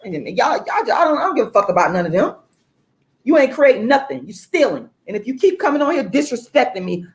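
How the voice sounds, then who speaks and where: A woman author and activist, angry and outraged, swearing a lot and repeating her points for emphasis as she rants to viewers on a livestream. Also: fairly high pitch. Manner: angry, profane and emphatic, repeating lines for force.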